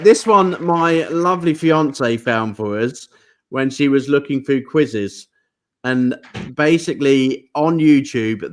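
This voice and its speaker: Chatty man hosting a podcast. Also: medium pitch. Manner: chatty, laughing, mimics accents. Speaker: podcast host. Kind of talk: casual chat.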